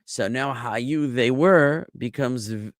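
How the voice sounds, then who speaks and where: A man's voice: mid-range voice, slow pace, no echo, studio quality. A man teaching Biblical Hebrew grammar to a class, patiently drilling word forms and quizzing his students with questions.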